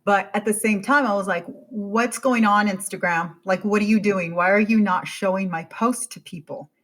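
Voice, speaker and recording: A woman in her forties, a podcast guest, telling her story in a casual, animated way and acting out her own thoughts. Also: mid-range voice, moderate pace. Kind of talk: casual interview chat.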